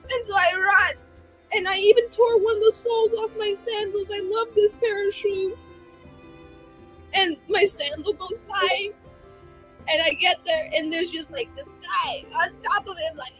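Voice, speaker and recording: A woman player retelling her character's adventure in a tabletop game, rambling and animated with lots of fillers. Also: extremely high pitch, normal speed, soft background music, poor audio.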